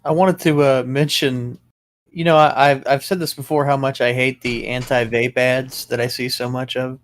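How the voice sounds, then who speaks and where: A man's voice: mid-range voice, flat delivery, normal speed, dry recording. A man co-hosting a casual talk show, ranting in a rambling, profane way. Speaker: co-host. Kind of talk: casual chat.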